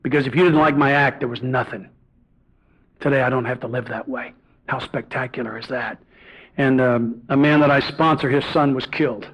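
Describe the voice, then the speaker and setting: A man's voice: medium pitch, fairly even intonation, normal speed, a bit bright, slightly rough. A middle-aged man giving a personal testimony at a recovery meeting, earnest and confessional, bantering with the audience in the room. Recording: dull lo-fi tape recording.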